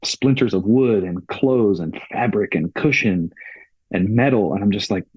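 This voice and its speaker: Podcast guest from a touring crew: a husky man with a low voice, casual storyteller who relives scenes through quoted exchanges. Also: unhurried, a little mellow, dry recording, highs cut off. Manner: retells events with frequent "I was like" quotes.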